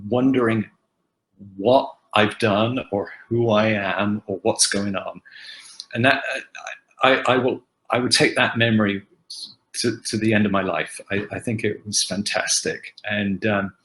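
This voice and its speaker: An older man answers fan questions over a video call from his kitchen, spinning anecdotes with animated energy. His voice has a bright, forceful edge. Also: fairly low pitch, a little slow, rough recording. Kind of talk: casual virtual panel Q&A. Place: home kitchen.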